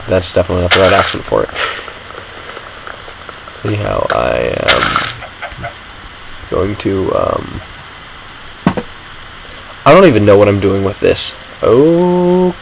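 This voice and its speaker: A man's voice: on the low side, creaky, slight background noise, rough recording. A man giving rambling, self-mocking commentary while playing a video game. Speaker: gaming vlogger. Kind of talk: casual gameplay commentary.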